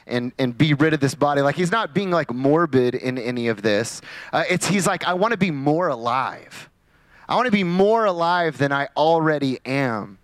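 Guy in his 40s preaching, kinda high voice, dry sound, super chatty and laid back. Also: dry recording. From Louisiana. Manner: casual and conversational, many fillers and restarts. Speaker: pastor. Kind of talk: sermon.

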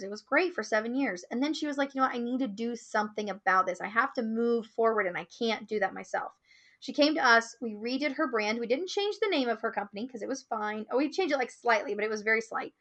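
A woman with a slightly high voice tells a story from her marketing work. She moves easily between her own account and lively acted-out quotes. The talk is casual interview chat. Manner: animated storyteller, acts out quotes. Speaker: guest, marketing business owner.

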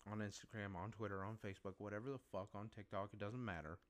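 Podcast host, male, low voice, blunt profane ranter. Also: fairly even intonation, fast, slight background noise. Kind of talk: solo podcast commentary.

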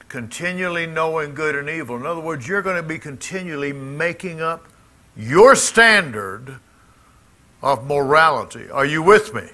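This middle-aged Mississippi pastor preaches to his congregation in a Southern accent, emphatic and folksy, tossing asides to the crowd. His voice runs on the high side, animated and pushed bright, with an unhurried pace and frequent pauses.

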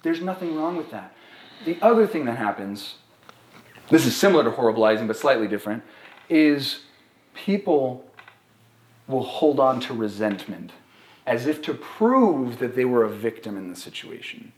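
A young man speaks in a casual live podcast chat and tells a personal story with animated energy. He keeps checking in with his listeners as he goes, and his voice rings in a roomy, echoing space. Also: medium pitch, moderate pace. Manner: animated storytelling, many "right?" tags. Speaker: therapist and podcast co-host. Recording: roomy echo.

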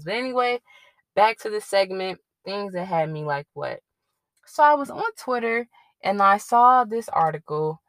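Here her voice sounds low, with no echo. Still hosting her solo podcast, she rambles casually through her commentary and confesses to getting tongue-tied when she stumbles.

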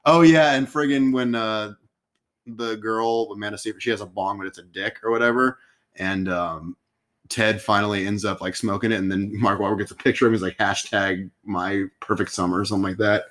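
A man's voice: fairly low pitch, fairly even intonation, fairly quick, a bit bright. A man co-hosting a podcast in casual chat, talking loosely and enthusiastically with lots of fillers. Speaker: podcast co-host.

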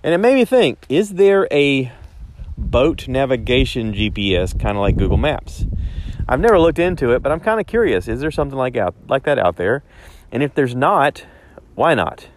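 A man's voice: medium pitch, big pitch swings, normal speed, slight background noise. Easygoing rambling man on a phone mic. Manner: rambling, self-correcting, easygoing storyteller. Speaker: vlogger. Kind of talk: casual spoken diary.

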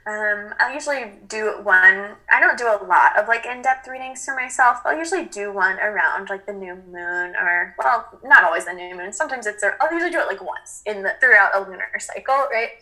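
Woman, bright clear tone, earnest, reflective, fillers, casual spiritual chat. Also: mid-range voice, expressive, fairly quick, hardly any pauses, rough recording.

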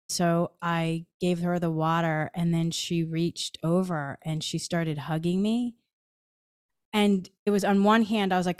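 Woman, podcast host, animated storytelling, slightly low voice, smooth and clear, dry close sound. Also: unhurried, no room sound. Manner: animated, acts out her own dialogue. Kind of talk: personal storytelling.

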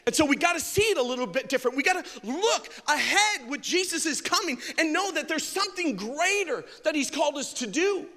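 Brief: animated, joking male pastor, high voice, long church reverb. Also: a little fast, few pauses. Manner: animated, jokey, acts out dialogue. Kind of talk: sermon with comic stories.

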